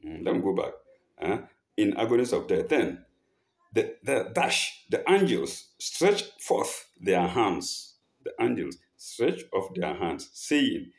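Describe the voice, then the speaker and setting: A man's voice: on the low side, a little mellow, reverberant. A man preaching a sermon, reciting Arabic verses and explaining them in English with rhetorical questions. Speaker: Islamic preacher. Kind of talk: sermon teaching Quran verses.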